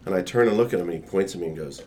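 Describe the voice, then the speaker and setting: A man with a deep baritone voice telling a lively anecdote in casual conversation. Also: very fast, slight background noise. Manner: animated anecdote-telling with laughs and quoted voices. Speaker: guest. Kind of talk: casual storytelling.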